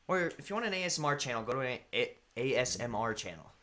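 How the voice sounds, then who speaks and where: A man's voice: mid-range voice, expressive, fast talker, hardly any pauses, noisy background. A young man hosting a live stream, chatting casually and greeting viewers by name in a rambling way. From United States.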